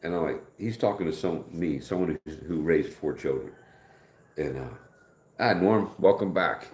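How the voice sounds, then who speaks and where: A middle-aged American man with a warm bass voice hosts a live stream at a moderate pace from an echoey room. He rambles through stories in casual chat, acting out the dialogue he quotes.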